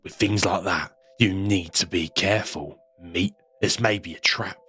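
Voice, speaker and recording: Brief: crude menacing wolfman heavy, read by a man, slow gravelly threats, husky low tone. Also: fairly even intonation, fairly bright tone, heavily acted. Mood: angry.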